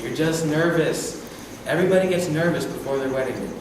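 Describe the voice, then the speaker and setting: An actor on stage playing a gentle father who calms his nervous daughter before her wedding. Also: fairly high pitch, a little fast, close to an everyday voice. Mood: soothing. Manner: soothing, steady. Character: gentle, reassuring father of the bride. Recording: distant echoey hall with audible noise.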